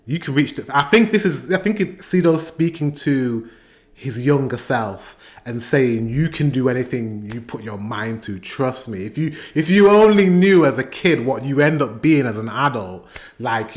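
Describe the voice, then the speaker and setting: A British man hosting a reaction video, reading out translated song lyrics and chatting through what they mean. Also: mid-range voice. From Britain. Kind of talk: casual reaction commentary.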